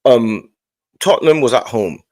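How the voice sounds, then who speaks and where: A man's voice: mid-range voice, animated, measured pace, darkish tone, no room sound. A young man arguing heatedly about football, repeating his point and cutting in. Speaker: football podcast host.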